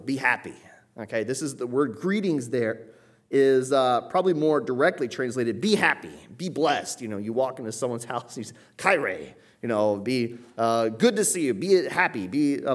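A man preaching an expository sermon, building to emphatic peaks and then dropping low and quiet. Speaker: pastor.

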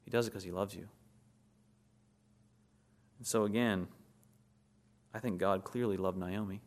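A man's voice: on the low side, steady tone, measured pace. A man preaching a sermon, asking rhetorical questions and building to emphatic peaks. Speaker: pastor.

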